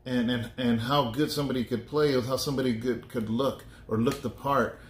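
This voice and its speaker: A male pastor talks through scripture in a loose, conversational way, joking and circling back to his point. His mid-pitched voice rings around an echoey room. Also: fairly even intonation, a little fast, a little hiss or hum. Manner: chatty and joking, thinks aloud with restarts. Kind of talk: casual Bible study talk.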